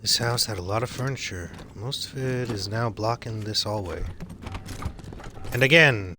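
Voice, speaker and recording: A man streaming a game live, commenting excitedly and swearing often. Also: on the low side, normal speed. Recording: noisy stream audio.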